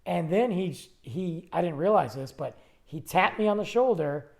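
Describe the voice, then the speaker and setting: A man with a gravelly, creaky voice tells a long personal story on a podcast. His pitch swings up and down a lot as he goes, and he rambles and restarts his sentences, animated and loose. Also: normal speed. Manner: rambling, animated, self-interrupting. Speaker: podcast host. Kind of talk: casual storytelling monologue.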